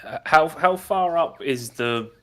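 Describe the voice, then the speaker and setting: A man's voice: a little high, animated, slow pace. A man playing a tabletop game, asking hesitant questions. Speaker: player. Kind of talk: casual game talk.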